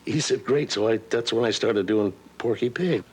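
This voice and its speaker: Husky old guy, voice actor, chatty and chuckling through his stories. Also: on the low side, normal speed. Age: older. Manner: chuckling storyteller who slips into character voices. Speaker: voice actor as interview guest. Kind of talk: casual anecdotal interview chat.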